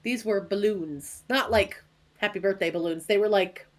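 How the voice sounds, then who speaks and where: A woman's voice: medium pitch, moderate pace. A woman co-hosting a casual podcast from home, telling self-mocking, joking stories. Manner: self-deprecating, joking storyteller. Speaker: podcast co-host. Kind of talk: casual chat. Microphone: headphones on, home recording.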